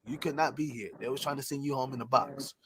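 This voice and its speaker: A man telling stories in a casual chat, animated and profane, laughing and acting out what people said. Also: medium pitch, quick pace, slight background noise. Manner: animated, laughing, loose and profane, acts out quotes. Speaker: podcast guest telling stories.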